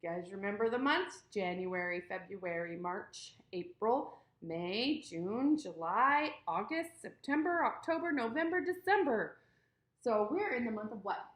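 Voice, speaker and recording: A woman's voice: a little high, animated, a little slow. Sing-song woman teaching little kids. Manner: sing-song, coaxing teacher talk to small children. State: sniffly from allergies. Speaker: preschool teacher. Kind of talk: online class for young children. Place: at home. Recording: roomy echo.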